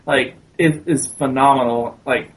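A man's voice: mid-range voice, steady tone, measured pace. A man co-hosting a casual chat about films, enthusiastic and effusive.

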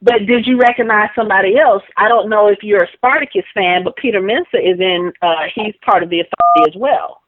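A woman co-hosting a casual TV recap, talking in an animated, gushing fan manner. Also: medium pitch, fairly quick, hardly any pauses, background noise. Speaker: podcast co-host. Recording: tinny phone-line sound.

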